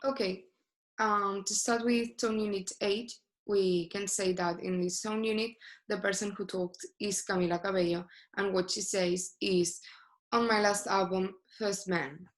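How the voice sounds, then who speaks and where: Woman, student class presentation, hesitant with fillers, unhurried. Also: medium pitch, level tone. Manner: hesitant, many filler sounds.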